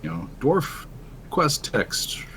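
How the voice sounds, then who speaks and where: A man chatting as a guest on a game stream, talking in a laid-back, rambling way with many pauses and fillers. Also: medium pitch, very animated, bright, forceful tone, slight background noise. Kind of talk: casual voice-chat conversation.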